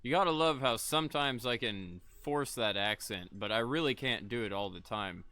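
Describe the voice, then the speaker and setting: Man, young adult, casual stream chatter, chuckly and unhurried, tense bright tone, occasional cough. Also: medium pitch, clean tone. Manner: rambling, laid-back, chuckles often. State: coughing between lines. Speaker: gaming streamer. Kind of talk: casual livestream commentary.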